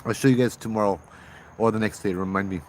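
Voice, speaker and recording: A man, casually telling ghost stories on a livestream outdoors at night, chatty and relaxed, greeting viewers and laughing often. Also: on the low side, fast talker, slight background noise. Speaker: ghost-story livestream host and former tour guide. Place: outdoors at night with bugs around.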